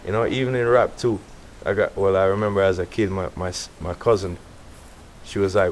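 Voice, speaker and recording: A middle-aged Jamaican man, an artist as guest, telling stories in a relaxed casual interview. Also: low-pitched, brisk, slight background noise. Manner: relaxed, animated storytelling with quoted voices.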